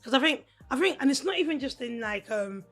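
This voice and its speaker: A Nigerian-born woman co-hosting a podcast in casual chat, her voice hoarse, laughing often as she tells stories. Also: sits high, a little fast, faint music behind. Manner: laughs often, animated storytelling. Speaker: podcast co-host.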